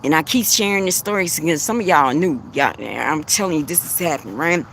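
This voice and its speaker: A woman's voice: low-pitched, lively intonation, brisk, fairly bright tone, slight background noise. A woman giving an impassioned spiritual talk as a livestream host, preachy and repetitive. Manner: passionate, preachy, repeats herself.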